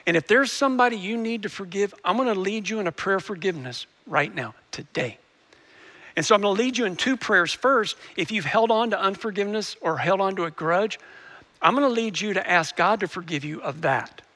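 A man's voice: high voice, bright, forceful tone. A male pastor preaching a sermon, earnestly telling a story and often restarting his sentences.

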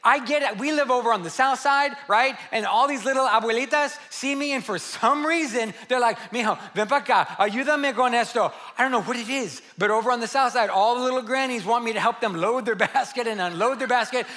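Man, pastor, sermon to a congregation, bright tense voice, high pitch, animated and repetitive. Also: a little fast, few pauses. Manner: animated preaching with rhetorical questions and repetition. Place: church service with a congregation.

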